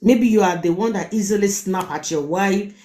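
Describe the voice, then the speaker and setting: A woman's voice: medium pitch, normal speed, dark tone. Emphatic Nigerian woman giving advice. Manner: emphatic, repeats words, rhetorical questions. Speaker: host giving relationship advice. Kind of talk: live-stream advice talk.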